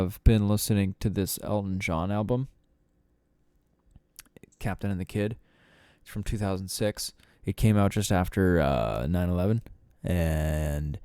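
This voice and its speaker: A man rambling through a casual solo podcast, with a lowish, mellow voice. He swears freely and trails through fillers. The recording is close and dry. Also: clean tone, no echo. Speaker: podcast host.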